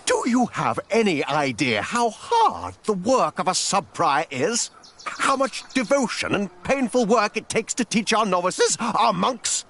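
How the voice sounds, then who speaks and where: A gravelly scolding sub-prior. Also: male voice, sits high, sing-song, unhurried, fairly bright tone, heavily acted. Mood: outraged. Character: stern indignant male sub-prior of a priory. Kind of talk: game voice acting.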